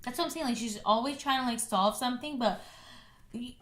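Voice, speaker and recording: Young woman co-host, bit high voice, casual chat, keeps saying like. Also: a bit bright. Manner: chatty, quick to agree, sprinkles "like". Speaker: podcast co-host.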